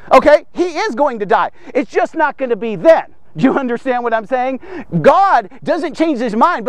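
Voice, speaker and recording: A man hosting a daily men's devotional, teaching in an animated, conversational way full of rhetorical questions. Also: very high-pitched, no echo. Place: studio man cave set.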